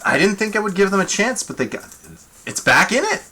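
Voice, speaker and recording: A man's voice: high-pitched, very animated, brisk, pushed and bright, slight background noise. A man game-mastering a tabletop battle on a live stream, thinking aloud, rolling dice and making rulings as he goes, in a casual, self-amused way.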